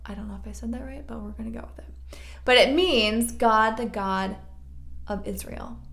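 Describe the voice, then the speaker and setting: Casual woman storyteller, jokey asides, slightly high; roomy echo. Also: steady tone, normal speed, vocal fry, a bit bright. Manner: chatty, jokey asides, slangy.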